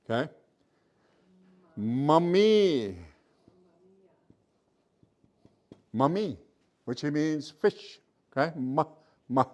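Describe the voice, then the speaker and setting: A man teaching a virtual language class, sounding out letters slowly, repeating each sound and checking in with his students often. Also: a little high. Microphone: computer mic on a video call.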